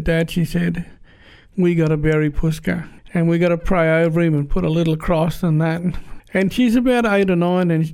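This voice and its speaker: A man's voice: sits high, creaky, darkish tone. A middle-aged man telling a homely family story in a casual, rambling way, often restarting his sentences. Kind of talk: casual spoken anecdote.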